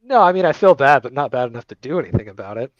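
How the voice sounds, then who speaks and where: A man's voice: medium pitch, expressive, very fast, dry recording, muffled recording. A man playing in a tabletop game, chatting casually and making dry, wry jokes. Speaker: player.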